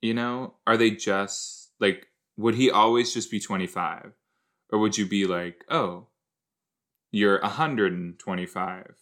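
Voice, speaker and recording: Male podcast host, slow and chatty, low voice, loud exclamations between quiet asides. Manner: chatty, exclaims loudly then mumbles; talks to himself, quick jumps between soft and loud. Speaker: podcast host reacting to a TV episode. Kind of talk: casual watch-along commentary.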